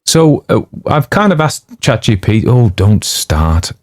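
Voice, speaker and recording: A man's voice: medium pitch, very animated, takes it slowly, no echo, clean studio sound. A man chatting casually before reading a story, rambling off on digressions, with lots of fillers and jokey asides. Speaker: audiobook narrator introducing a story.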